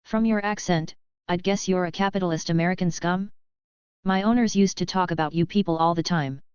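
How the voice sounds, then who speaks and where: A woman voicing a female talking space dog in a storybook reading, slow and pleading. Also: fairly low pitch, darkish tone, clear, resonant tone, no room sound, lightly acted. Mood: curious. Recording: dull, lo-fi dry recording.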